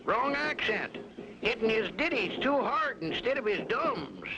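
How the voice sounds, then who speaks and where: Swampy, a gravelly high swamp guide. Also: male voice, sing-song, unhurried, highs cut off, exaggerated voice. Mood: earnest. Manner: drawling country folksiness. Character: folksy old swamp guide, easygoing and homespun. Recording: noisy old cartoon soundtrack.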